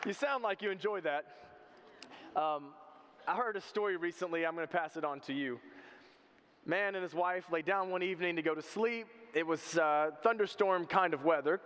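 A man's voice: a little high, a bit bright. A man preaching a sermon, telling stories with humor and animation. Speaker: pastor. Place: church sanctuary. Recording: reverberant church hall.

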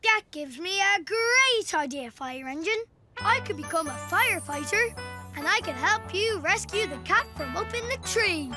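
A woman's voice: expressive, moderate pace, music in the background. A woman voicing a cheerful, curious four-year-old boy in a children's cartoon. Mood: cheerful, polite. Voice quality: high bright childlike voice.

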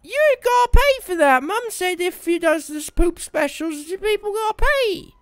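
A man's voice: very high-pitched, expressive, moderate pace, a bit bright, dry recording. A man voicing a scruffy, rowdy hobo in a role-play game, sing-song and chanting a catchphrase. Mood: silly.

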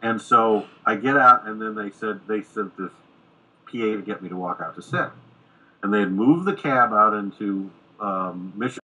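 A middle-aged man with a low, husky voice that carries a bright, forceful edge. He tells a long anecdote in a casual interview, slipping into the voices of the people he quotes. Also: normal speed, poor audio. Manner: animated anecdote-telling, acting out quoted dialogue. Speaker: screenwriter guest. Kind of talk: casual storytelling in a podcast interview.

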